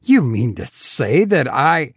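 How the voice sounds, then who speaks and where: A man reading aloud, voicing a sharp, skeptical young gentleman in a storybook reading. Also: medium pitch, big pitch swings, slow pace, slightly rough, dry recording, studio quality, heavily acted. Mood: sharp, indignant. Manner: sharp, indignant questioning.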